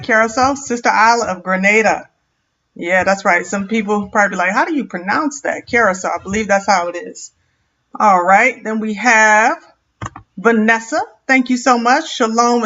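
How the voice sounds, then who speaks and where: A woman hosting a live stream, her voice bright and sharp and set a little high. She talks in a lively, casual way and greets viewers one by one. The sound is dull and lo-fi. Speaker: host.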